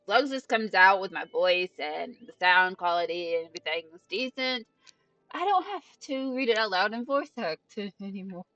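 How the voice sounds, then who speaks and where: A young woman streams a game, chatting casually into a headset mic in an apologetic, self-conscious, rambling way. Her medium-pitched voice is expressive and a bit bright, at a moderate pace. The audio is dull, distant and dry with no echo, and game music plays behind her.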